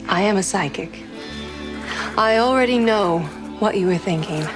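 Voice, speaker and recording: An actress playing a fraudulent psychic woman who makes slow, self-assured pronouncements. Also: medium pitch, music in the background, close to an everyday voice.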